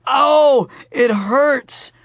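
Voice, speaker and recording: A man voicing a young man who loudly fakes an injury with overacted wails. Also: extremely high pitch, very slow, creaky, no room sound, clean studio sound, voice pushed up, full character voice. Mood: wailing. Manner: overacted wailing cries.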